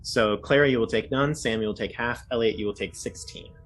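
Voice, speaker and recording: A man in a mid-range voice runs a tabletop game as dungeon master. He talks in a loose, easygoing way, often pausing on "um". There's a faint bed of room noise behind him. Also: medium pitch. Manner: casual, many filler ums, laughs easily.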